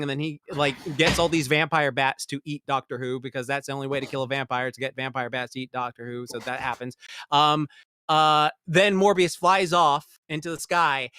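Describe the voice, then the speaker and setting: A man's voice: fairly high pitch, bright, forceful tone, clear, resonant tone, no echo. A man hosting a podcast, chatting casually about a movie in a profane, rambling way, mocking the characters in quoted voices. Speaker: podcast host. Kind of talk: casual movie review chat.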